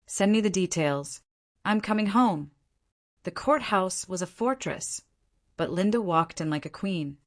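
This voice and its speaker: A woman narrating a scripted romance story in a dramatic, measured way. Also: on the low side.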